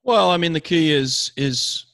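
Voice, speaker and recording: A man's voice: on the high side, expressive, a little slow, creaky, fairly bright tone, no room sound. A man hosting an interview, friendly and teasing, often calling his guest "mate". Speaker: interviewer, host. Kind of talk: casual interview. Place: lives in Los Angeles.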